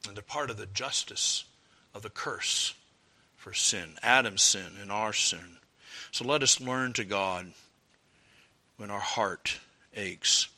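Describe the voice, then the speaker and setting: A man preaching a sermon earnestly, rising to fervent appeals and dropping low for quoted prayers. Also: slow pace, long pauses, bright, forceful tone.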